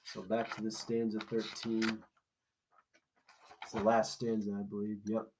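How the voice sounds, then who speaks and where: A man's voice: on the low side, monotone, a little slow, noisy background. A man teaching a recorded poetry lesson, explaining in a casual way and asking questions that he then answers himself. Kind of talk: recorded classroom lesson walkthrough.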